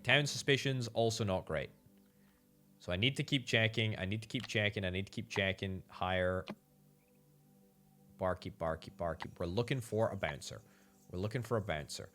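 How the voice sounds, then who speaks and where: A man with a fairly low but bright, ringing voice talks his way through a saloon management game. His pitch swings up and down as he muses aloud and repeats words for emphasis, with faint game music playing underneath. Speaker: game streamer. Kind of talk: gameplay commentary.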